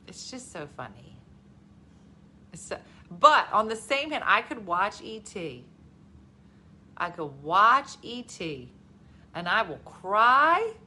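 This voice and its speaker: A woman in her forties chatting casually as co-host, animated and acting out her own reactions. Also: on the low side, a little hiss or hum. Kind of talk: casual chat.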